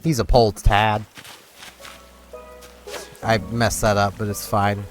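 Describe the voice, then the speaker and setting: A man's voice: on the low side, level tone, takes it slowly. A young man from Canada rambling casually over a video game, full of fillers and restarts. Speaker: gaming video host. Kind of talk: casual gameplay commentary. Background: game music.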